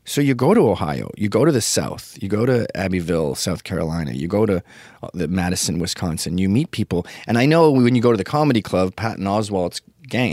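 Man, 50s, comedian host, opinionated rant, deepish, animated pitch, dry. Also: breathy edge, dry recording. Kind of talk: casual ranting monologue.

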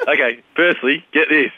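Brief: a man playing a larrikin Aussie sports star on a dull phone line, bright and pushy, broad Australian accent. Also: on the high side, huge pitch swings, a little slow, slightly rough, no echo, heavily acted. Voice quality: rowdy, larrikin joking. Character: cheeky ocker Australian male sports star impression. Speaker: comic caller.

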